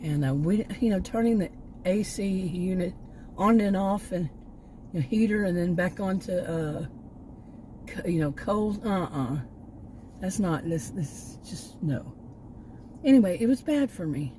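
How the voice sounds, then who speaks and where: A woman's voice: on the low side, expressive, unhurried, pauses often, mellow, slight background noise, poor audio. An older woman from Texas, talking in a rambling, casual vlog with many restarts and asides, a little short of breath. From Texas, United States. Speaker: vlogger. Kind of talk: casual personal vlog talk.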